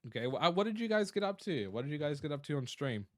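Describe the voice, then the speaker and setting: A man's voice: a little high, sing-song, quick pace, dry recording, clean studio sound. A tired Australian man chatting casually on a live stream, rambling and reading out chat messages. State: tired, yawning.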